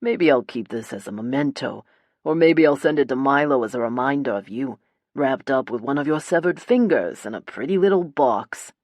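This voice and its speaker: A woman's voice: very deep voice, lively intonation, moderate pace, darkish tone, no room sound, studio quality. A woman voicing a cruel, crude male gangster who threatens his captive in an audiobook. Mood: threatening. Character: menacing male gangster kidnapper, cruel and taunting. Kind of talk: audiobook character voice.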